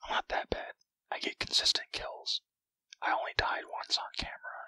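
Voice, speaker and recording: In a rough, echo-free recording, a man with a bright, forceful tone whispers as a greedy, cranky cartoon crab, rambling and cursing at his own gameplay while mocking himself.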